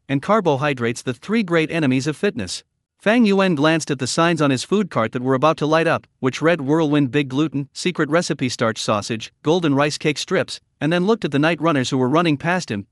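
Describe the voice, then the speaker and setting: A man narrating a recap story in a steady, scripted storytelling delivery. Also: a little high, no echo, clean studio sound.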